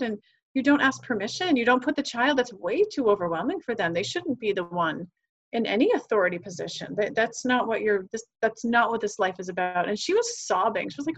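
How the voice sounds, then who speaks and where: A woman guest on a podcast talks earnestly and enthusiastically about parenting in a slightly high, animated voice at a slightly fast pace. She acts out quoted conversations as she tells her stories.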